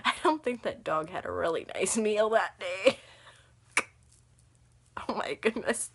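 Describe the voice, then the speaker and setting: A young woman telling a rambling story on her vlog, laughing often as she talks, with a slightly husky voice. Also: mid-range voice, expressive, measured pace. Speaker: vlogger.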